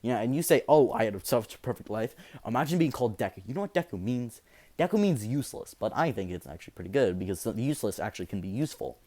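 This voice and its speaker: A man voicing a scarred, bitter teenage hero boy in a halting, hesitant way. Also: mid-range voice, animated, darkish tone, lightly acted. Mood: resentful. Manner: halting, hesitant delivery with fillers.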